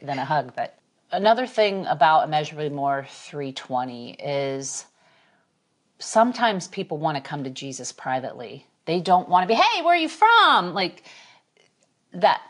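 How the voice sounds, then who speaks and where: Low-voiced woman podcast host. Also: expressive. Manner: supportive, quick backchannels and laughs. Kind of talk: casual chat.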